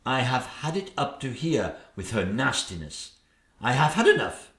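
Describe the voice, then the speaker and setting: Man playing a shrill, domineering stepmother queen, lively scolding, echoey room. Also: moderate pace, gravelly. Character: shrill bossy stepmother queen, middle-aged woman. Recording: roomy echo.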